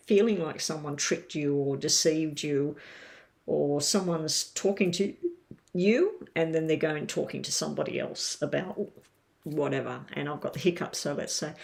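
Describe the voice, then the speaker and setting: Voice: mid-range voice, creaky. A tarot reader doing a casual live-stream reading from home, chatting straight to viewers with lots of ums.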